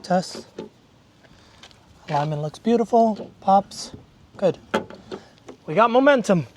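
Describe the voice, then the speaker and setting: A car-build vlogger narrating a rebuild in an upbeat, excitable, jokey way. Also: medium pitch, takes it slowly, noisy background. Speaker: channel host.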